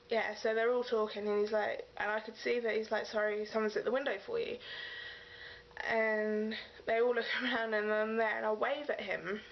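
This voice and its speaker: A woman's voice: fairly high pitch, vocal fry. A young woman from England, gushing and rambling as she retells a story in a casual vlog. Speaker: vlogger. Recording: dull lo-fi sound with faint hiss.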